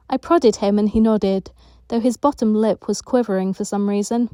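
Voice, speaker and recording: A woman narrating a children's audiobook in a lively storytelling manner, recorded at home. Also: mid-range voice, moderate pace, no room sound. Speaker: audiobook reader.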